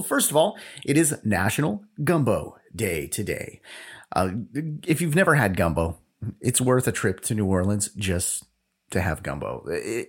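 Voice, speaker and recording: A man's voice: fairly low pitch, slightly rough. A man hosting a solo podcast, chatting casually about daily facts and laughing at his own jokes. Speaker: podcast host.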